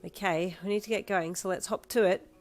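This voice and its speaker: A woman's voice: medium pitch, steady tone, a little fast, a little mellow, faint music behind, close to an everyday voice. A woman voicing an awkward, flustered teenage girl who jokes at her own expense. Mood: caring. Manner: flustered, self-mocking.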